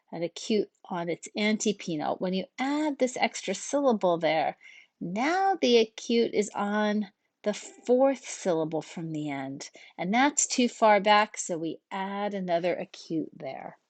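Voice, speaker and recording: A woman's voice: medium pitch, dry recording. A woman teacher giving a recorded lecture, explaining each point patiently and step by step.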